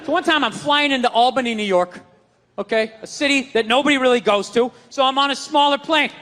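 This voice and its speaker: Loud ranting high-voiced stand-up comic. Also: male voice, brisk. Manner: loud ranting delivery, often shouting, with voiced characters. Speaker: stand-up comedian. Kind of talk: stand-up routine. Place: comedy stage before a live audience. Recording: live club recording with crowd and noise.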